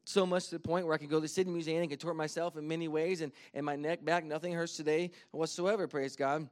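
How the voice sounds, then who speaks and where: A pastor in his thirties preaching to his congregation with a slightly high voice. He tells personal stories quietly, then rises to emphatic points. He slows down deliberately when reading scripture. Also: steady tone. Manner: earnest, builds from quiet to emphatic; reads scripture slowly and deliberately. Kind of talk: sermon.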